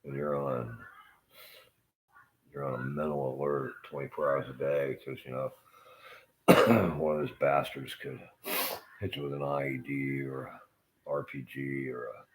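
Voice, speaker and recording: A man's voice: a bass voice, flat delivery, measured pace, pauses often, poor audio. A man livestreaming a rambling, casual monologue, swearing often and trailing off into fillers. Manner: profane, meandering, full of fillers.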